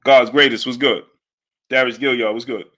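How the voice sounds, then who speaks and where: A man's voice: medium pitch, steady tone, moderate pace, fairly bright tone. A man hosting a casual boxing livestream who talks animatedly, repeats his phrases and greets chat viewers by name. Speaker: boxing commentary livestream host.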